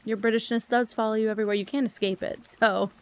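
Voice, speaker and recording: A woman's voice: on the high side, fairly even intonation, fast, slight background noise. A woman streamer chatting casually while playing a game, rambling from thought to thought and answering her chat.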